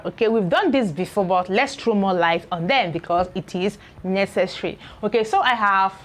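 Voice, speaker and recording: A woman's voice: medium pitch, expressive. Woman teaching reading with drilled syllables. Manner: drills syllables slowly, tagging lines with "okay?". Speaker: English teacher. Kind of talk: classroom lesson at a board. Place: classroom or room with a board.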